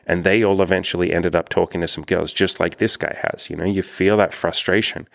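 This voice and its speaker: A man's voice: deep voice, steady tone, a little fast, vocal fry, no room sound, clean studio sound. A young man coaching on dating, talking in a rambling, self-deprecating way and swearing freely. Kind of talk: casual coaching monologue.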